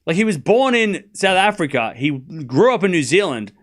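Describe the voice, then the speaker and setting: A man's voice: high-pitched, normal speed. An Australian man hosting a live tennis stream, ranting casually and mockingly to his viewers. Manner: animated, mocking, talks straight to chat. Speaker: livestream tennis host.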